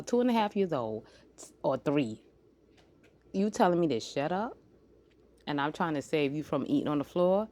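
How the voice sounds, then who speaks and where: At a normal speed and in a low voice, a forties-aged woman delivers a rambling, casual vlog monologue that jumps from subject to subject. She stays animated throughout and drifts into performing the quotes she recounts.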